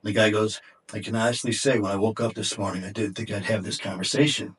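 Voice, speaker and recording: A man's voice: lowish voice, fairly even intonation, fast talker, slightly rough. A middle-aged man and podcast guest telling an intense, emotional story in conversation, profane and at times choked up. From Detroit area, USA.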